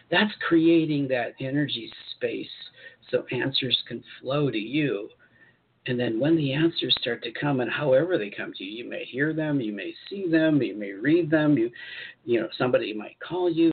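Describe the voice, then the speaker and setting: A man hosting a spiritual advice show, speaking in an encouraging, repetitive way and pausing to comment as he reads articles aloud. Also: medium pitch, animated, husky. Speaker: host channeling spirit guides. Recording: tinny phone-like audio.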